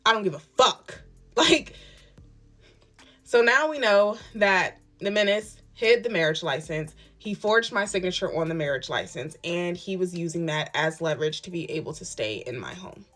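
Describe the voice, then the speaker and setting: A woman's voice: lowish voice, expressive, normal speed, hardly any pauses, fairly bright tone, faint music behind. A woman in her twenties, emphatic and candid, telling her own story in a storytime vlog and acting out what others said. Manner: emphatic and candid, retelling events with quoted dialogue.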